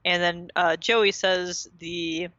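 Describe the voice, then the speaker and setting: A woman's voice: lowish voice, level tone, takes it slowly, sharp tone, no echo, lo-fi sound. A woman casually recapping a TV episode as a podcast co-host, chatty and full of fillers.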